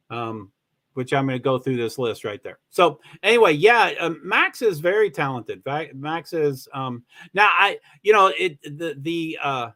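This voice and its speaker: Guy on a livestream rambling along, kinda high voice, keeps stopping and fixing what he said. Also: sharp tone. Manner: rambling, halting and self-correcting. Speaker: livestream host. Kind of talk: casual commentary on a live stream.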